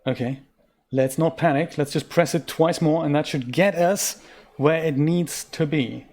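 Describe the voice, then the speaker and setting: A man's voice: fairly high pitch, measured pace, darkish tone. A man from Germany giving casual let's-play commentary on a puzzle game, chatty and self-mocking, with rambling asides. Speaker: game streamer.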